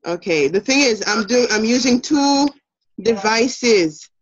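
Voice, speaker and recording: A woman's voice: fairly high pitch, lively intonation, a little slow, breathy edge. A woman with a Jamaican accent teaching an online class, giving instructions in an encouraging way with fillers. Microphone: video call. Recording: muffled video call audio.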